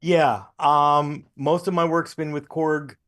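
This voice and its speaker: A man as a guest telling relaxed anecdotes over a video call, often restarting his sentences. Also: on the high side, takes it slowly. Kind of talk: casual interview storytelling.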